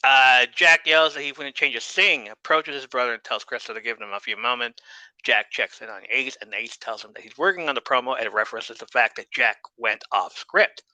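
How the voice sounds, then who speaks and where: A man's voice: medium pitch, brisk, pushed and bright, no echo, low-quality recording. A man hosting a podcast, casually recapping a TV episode with jokes, laughs and swearing. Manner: joking, swears freely, laughs at the show. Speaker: podcast host.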